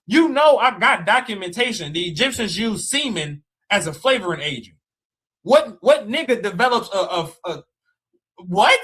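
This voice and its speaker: A man's voice: high-pitched, very animated, normal speed, fairly bright tone, husky. A man in a heated livestream rant, mocking and challenging, repeating his dares. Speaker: live stream guest debater. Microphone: live stream call mic.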